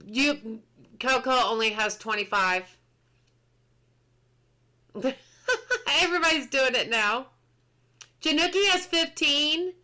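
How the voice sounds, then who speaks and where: A woman's voice: sits high, animated, takes it slowly, pauses often, pushed and bright. A woman game streamer chatting casually on a live stream, reading patch notes aloud, answering chat and laughing often.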